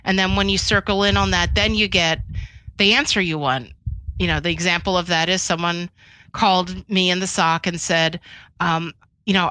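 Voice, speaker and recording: A woman cybersecurity expert being interviewed, chatting casually in a storytelling way, with lots of "you know" and quick restarts. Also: on the low side, fairly even intonation, pushed and bright, no echo, low-quality recording. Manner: chatty, frequent fillers and restarts, laughs between points.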